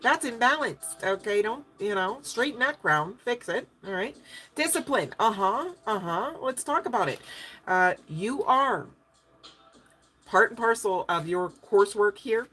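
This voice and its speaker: A woman's voice: medium pitch, animated, unhurried, a bit bright. A woman giving a casual spiritual tarot reading, emphatic and chatty, often checking in with her listeners and swearing offhandedly. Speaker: tarot reader.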